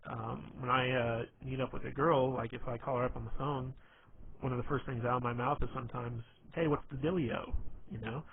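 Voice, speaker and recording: A man's voice: medium pitch, flat delivery, fairly quick, vocal fry. A man giving casual advice on being funny, rambling and packing his talk with fillers like "you know". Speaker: dating and humor advice presenter. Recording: tinny phone-like line, faint hiss.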